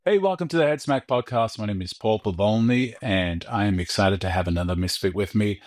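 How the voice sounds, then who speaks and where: A male podcast host with a fairly low voice, talking in a loose, friendly way. He jokes around and laughs often while keeping the conversation moving. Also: a little fast, a little mellow, soft background music. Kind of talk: casual conversational interview.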